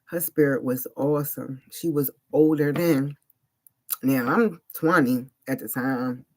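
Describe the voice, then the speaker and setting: A woman's voice: a bass voice, measured pace, darkish tone. A woman telling a personal story on a vlog in a casual, slangy and emphatic way, with frequent "like" fillers. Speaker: vlogger.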